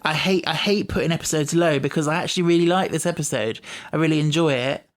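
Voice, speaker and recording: A man hosting a podcast in casual chat, chatty and quick to explain himself, often doubting his own choices. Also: on the high side. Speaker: podcast host.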